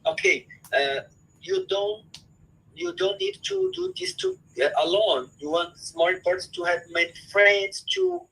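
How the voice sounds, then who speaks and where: Man, psychologist guest, halting repeated words, bright husky voice, lively pitch. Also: poor audio. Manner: halting non-native English, many repeated words. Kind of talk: casual live chat.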